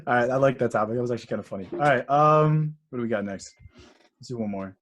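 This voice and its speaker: A young man hosting a casual podcast, rambling and excitable with lots of fillers. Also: medium pitch, fast talker. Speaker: podcast host. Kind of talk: casual chat.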